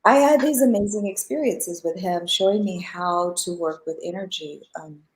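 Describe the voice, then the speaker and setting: A woman's voice: fairly low pitch, normal speed, rough recording. A middle-aged woman, a spiritual teacher and guest, telling personal stories in a live interview, acting out the dialogue and laughing often. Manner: animated storyteller who acts out quoted dialogue and laughs often.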